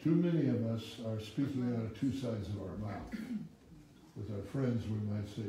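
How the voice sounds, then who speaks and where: A male pastor preaching an animated sermon, reading scripture in old-fashioned wording and prompting the congregation to finish the verses, with wry asides. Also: fairly low pitch, normal speed. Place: church sanctuary with congregation. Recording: echoey room, speaker far from the mic.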